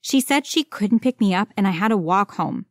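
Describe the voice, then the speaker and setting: A woman reading a first-person story aloud as a storyteller, in an expressive, dramatic way. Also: medium pitch, moderate pace, no room sound, clean studio sound. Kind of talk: scripted first-person narration.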